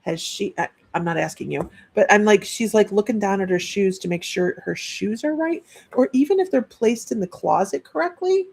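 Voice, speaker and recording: A woman's voice: medium pitch, lively intonation, normal speed, vocal fry, darkish tone, husky. A woman working as a psychic medium, giving a chatty live-streamed reading and relaying messages with frequent restarts.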